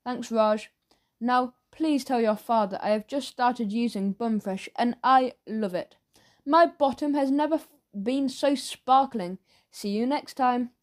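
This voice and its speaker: A woman's voice: a little high, measured pace, natural voice. A woman voicing an overly eager, chatty male newsagent who keeps pushing sweets in a salesy, fawning way.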